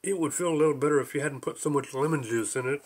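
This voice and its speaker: A man voicing an anxious, excitable slug in an audiobook, whiny and easily thrilled. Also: on the high side, quick pace, breathy edge. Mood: fretful.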